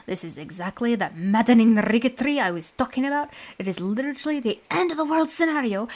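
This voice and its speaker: Woman putting on a fed-up knight, quick and exasperated, a bit higher than her own voice.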